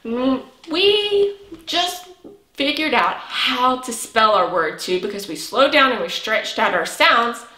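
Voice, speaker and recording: High, bright-voiced woman teaching toddlers. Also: expressive. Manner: cheerful, drawn-out words and frequent praise. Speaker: preschool teacher. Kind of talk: slow, sing-song lesson for young children. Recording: echoey room.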